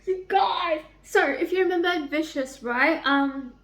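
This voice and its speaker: A young woman chatting in a casual reading vlog, excitable, rambling and swearing freely as she rants about characters. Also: extremely high pitch, unhurried. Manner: rambling, restarts often. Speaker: book vlogger.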